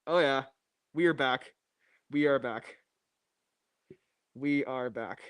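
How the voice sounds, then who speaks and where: A man's voice: medium pitch, slow, fairly bright tone, clear, resonant tone, dry recording. A young man streaming from his home garage, chatting casually and repeating phrases restlessly while he sets up a new microphone. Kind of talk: casual livestream chat. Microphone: new desk microphone.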